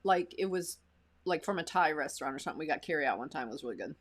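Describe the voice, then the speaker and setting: A woman's voice: deep voice, animated, very fast. A woman co-hosting a live stream in casual chat, giggling often and reading out viewer comments. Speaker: co-host.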